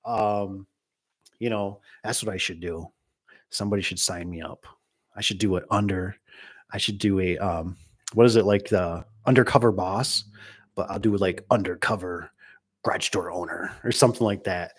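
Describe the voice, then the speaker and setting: A man's voice: deep voice, steady tone, normal speed, breathy edge. A middle-aged man who owns a garage door company, talking casually in a rambling way and acting out the people he quotes. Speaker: garage door business owner. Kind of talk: casual monologue reading comments.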